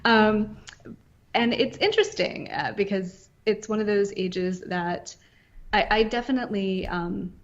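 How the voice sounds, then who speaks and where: A woman's voice: mid-range voice, measured pace. A woman in her late thirties from northern Virginia, musing aloud as she co-hosts a casual podcast. Her talk rambles and is full of fillers. The recording sounds a little dull and lo-fi. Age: late 30s. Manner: reflective, rambling with many fillers. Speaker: podcast co-host.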